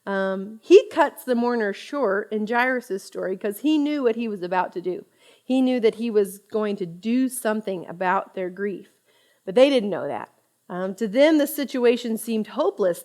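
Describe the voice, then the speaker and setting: A woman in her thirties giving a conversational Bible study talk, chatty and expressive, often laughing as she teaches. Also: mid-range voice.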